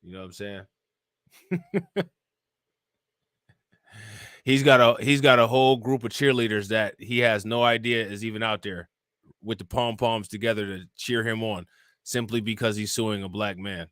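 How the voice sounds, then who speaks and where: A fairly low, steady, clear and resonant male voice with a slight brightness moves at a moderate pace with long pauses; the recording is dry and studio quality. He's the host of a live-stream crime show, loosely reading out charges and reports, reacting, and quizzing viewers with "you know what I'm saying?" The talk is casual commentary on news and chat.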